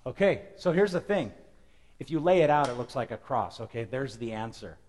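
A male pastor preaching a lively storytelling sermon, moving between loud emphasis and hushed moments. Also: mid-range voice, brisk. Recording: long hall reverb.

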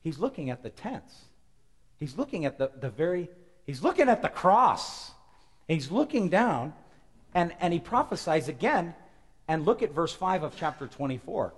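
A male pastor preaching a lively storytelling sermon, moving between loud emphasis and hushed moments. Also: on the high side, moderate pace. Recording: long hall reverb.

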